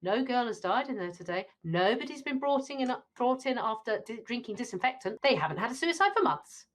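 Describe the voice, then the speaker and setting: A smooth, self-assured young upper-class man, read aloud by a woman making an enquiry over the telephone. He sounds composed and formal, in the manner of a play read in a classroom. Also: a little high, lively intonation, brisk, close to an everyday voice. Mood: poised.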